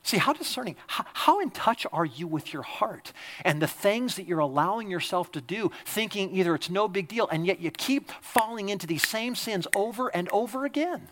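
A man preaching from the pulpit in a high, bright voice. He is emphatic, pressing his points hard and then dropping to a quiet, confiding tone. His sound is forceful and ringing. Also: lively intonation, normal speed. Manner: emphatic, swings from loud exhortation to quiet confiding. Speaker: pastor. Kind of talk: sermon.

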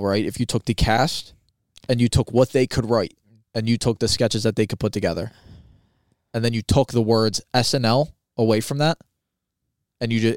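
A man's voice: mid-range voice, no room sound, clean studio sound. A man co-hosting a podcast, talking in a casual, blunt and argumentative way, with plenty of swearing. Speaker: podcast co-host. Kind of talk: casual chat.

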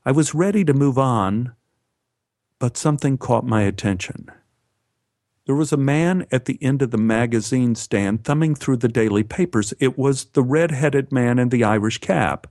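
A man tells a personal story in a lively, animated way and shifts his voice up for the lines he quotes. The recording is dry and close, and his pitch sits in the middle. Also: moderate pace, dry recording.

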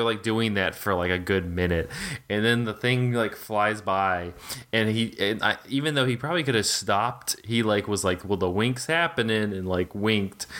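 A man with a somewhat low voice talks through a film in loose podcast chat. He rambles, piles up fillers and restarts, and swears casually. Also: a bit bright. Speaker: podcast co-host.

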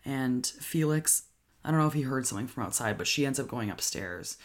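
A speaker casually recapping a horror film, excitable and full of fillers and swearing. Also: medium pitch, a little fast. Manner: excitable, heavy use of "like", swears. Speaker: horror movie reviewer.

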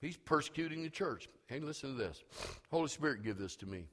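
A male pastor preaching fervently, repeating himself and swinging between hushed words and shouts. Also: mid-range voice, expressive, a little fast. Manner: fervent, repetitive preaching with many restarts. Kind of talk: sermon. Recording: long reverb of a big hall.

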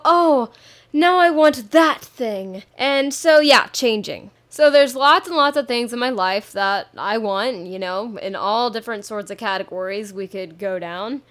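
A woman's voice: mid-range voice, a bit bright. A woman in her twenties hosting a solo podcast, talking candidly and playfully, often swapping curse words for spoken bleeps. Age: 20s. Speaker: podcast host. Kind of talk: casual solo podcast monologue.

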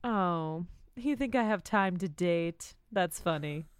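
Woman, tabletop player, chatty, animated, smooth, dry close recording. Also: lowish voice, slow, no room sound. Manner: animated, chatty, with many fillers when planning moves. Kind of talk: casual tabletop game play.

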